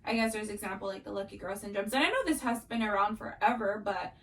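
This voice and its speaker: A young woman co-hosting a podcast in casual chat, speaking haltingly with constant "like" fillers. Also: mid-range voice, fairly bright tone, far from the mic. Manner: halting, heavy use of "like". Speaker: podcast co-host. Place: bedroom.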